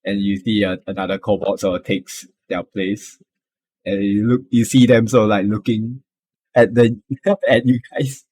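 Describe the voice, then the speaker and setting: A man narrating as game master of a tabletop game, halting and laughing often. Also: fairly low pitch, level tone, a little mellow, breathy edge.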